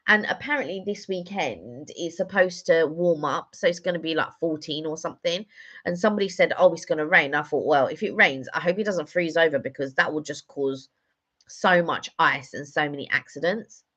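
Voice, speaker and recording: A woman's voice: sits low, moderate pace, fairly bright tone, highs cut off. Chatty woman, rambling. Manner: rambling, chatty storytelling with many fillers. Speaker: vlogger doing a live stream. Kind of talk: casual chat.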